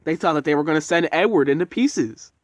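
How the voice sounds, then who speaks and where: A man's voice: on the high side, lively intonation, fairly quick, no room sound, studio quality. A man casually narrating a homemade train story, rambling and swearing as he goes. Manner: rambling and profane.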